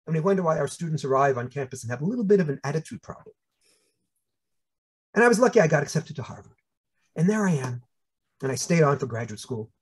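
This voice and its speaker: A man in his sixties with a New York accent, telling funny personal stories in a lively talk. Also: on the high side, fast talker, long pauses, breathy edge. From United States. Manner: animated, humorous storytelling with voiced asides. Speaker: speaker. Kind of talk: storytelling talk.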